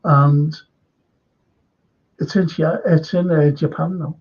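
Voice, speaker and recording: Older scouse guy chatting on his live stream, kinda husky, muffled lo-fi sound. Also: a little high, steady tone, slow pace, long pauses. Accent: Liverpool. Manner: rambling, chatty, greets viewers and reads chat comments. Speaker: live stream current affairs host. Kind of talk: casual live-stream chat. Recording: dull lo-fi stream audio.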